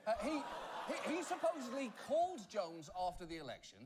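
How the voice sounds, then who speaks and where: A British man hosting a satirical news comedy show, delivering a sarcastic monologue full of quick jokes. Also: very high-pitched, big pitch swings, heavy background noise.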